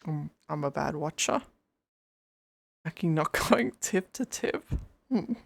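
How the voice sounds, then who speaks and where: A woman's voice: deep voice, lively intonation, takes it slowly, gravelly, no echo. A woman streamer chatting casually and rambling, often breaking into giggles. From outside the US. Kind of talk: casual livestream chat.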